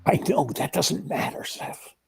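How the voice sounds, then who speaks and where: A man in a casual political chat, talking in a wry, measured, sardonic way. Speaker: co-host.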